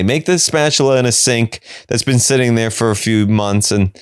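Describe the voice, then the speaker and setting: A man hosting his own podcast, talking through a comedic solo monologue and jumping into high, silly voices whenever he quotes someone. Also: fairly even intonation, moderate pace, few pauses, clean tone, dry recording, studio quality. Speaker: podcast host.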